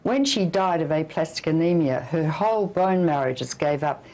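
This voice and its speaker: A woman's voice: low-pitched, expressive, moderate pace, a little mellow, poor audio. Older woman, emphatic and urgent. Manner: emphatic, urgent, gives blunt warnings. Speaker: physician and anti-nuclear campaigner. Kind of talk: interview guest.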